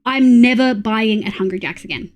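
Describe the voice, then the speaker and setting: A woman's voice: a little high, normal speed, lo-fi sound. An Australian woman in her thirties chatting casually on a live stream, blunt and sweary, reacting to chat.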